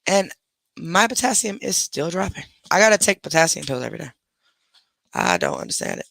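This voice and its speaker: Brisk, creaky, and sharp-toned, this man's slightly high voice swings hugely in pitch, with no echo. He hosts a casual live stream while lying in bed at home, rambling chattily through stories and stopping to talk to his pets.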